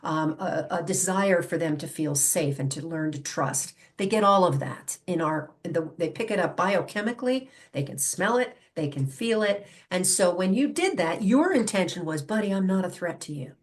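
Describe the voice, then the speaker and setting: A woman's voice: lowish voice, moderate pace, hardly any pauses. A woman explaining how dogs read people, in a conversational style. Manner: acts out dog and owner voices, animated. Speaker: animal communication guest.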